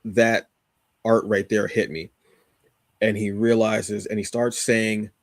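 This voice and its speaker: Man, podcast co-host, low pitch, dry sound, rambling, enthusiastic, casual comic review. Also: flat delivery, slow, pauses often, no room sound. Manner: rambling, enthusiastic, many fillers and restarts.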